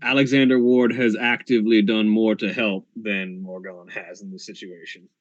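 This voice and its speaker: Low blunt guy in a tabletop game, dull muffled mic. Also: flat delivery, moderate pace, no echo. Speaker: player. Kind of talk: tabletop role-play.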